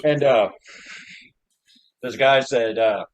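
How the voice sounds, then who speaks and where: A man's voice: medium pitch, slow pace, background noise. Laid-back man in profane banter. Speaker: podcast co-host; father. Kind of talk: casual chat.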